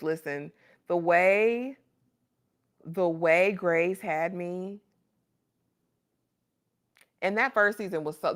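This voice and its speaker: Lady with a deep voice hosting her livestream, chatty and sweet to her viewers. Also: a bit bright. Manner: chatty and affectionate, calls viewers honey and baby. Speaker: livestream host. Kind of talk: casual livestream chat reading viewer comments.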